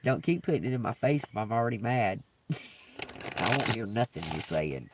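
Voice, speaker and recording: Laid-back tarot reader, off-mic. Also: male voice, mid-range voice, sing-song, normal speed, recorded from a distance, very noisy. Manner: casual, swears freely and laughs often. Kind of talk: live-stream tarot reading.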